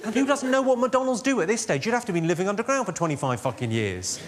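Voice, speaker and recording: A man's voice: high-pitched, big pitch swings, quick pace, few pauses. A man doing a crude, mocking stand-up comedy routine at a live show. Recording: live show with loud crowd and noise.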